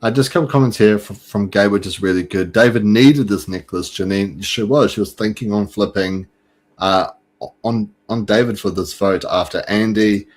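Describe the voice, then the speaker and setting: Guy hosting a fan podcast, kinda low voice, chatty with lots of ums and likes. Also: moderate pace. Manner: chatty, many fillers and restarts. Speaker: podcast host. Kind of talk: casual fan chat.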